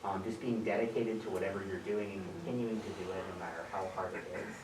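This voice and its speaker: A man's voice: fairly low pitch, steady tone, fast talker. A young man, a student intern, sharing his thoughts in a workshop with many hesitant fillers. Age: young adult. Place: conference room. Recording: echoey room from far off, background noise.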